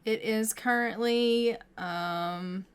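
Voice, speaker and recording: A woman's voice: a little high, a little hiss or hum. A woman giving casual commentary over a life-simulation game, chatty, with frequent ums, often talking to her characters and voicing their lines. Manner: frequent ums and drawn-out phrasing. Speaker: gameplay commentator.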